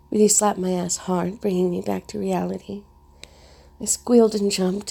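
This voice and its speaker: A woman narrating a first-person story in a soft, hushed, intimate reading. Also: medium pitch, creaky, breathy edge.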